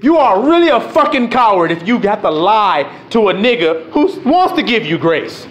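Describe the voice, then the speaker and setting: A man delivering a fiery, profane sermon, swinging from low mutters to shouts. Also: sing-song, moderate pace. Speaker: self-styled preacher. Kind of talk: fiery street-style sermon.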